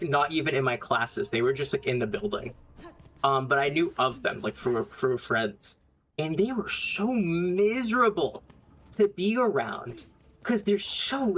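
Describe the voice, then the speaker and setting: A man's voice: on the high side, a bit bright. Profane, rambling young man streaming a game. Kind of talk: casual gameplay commentary.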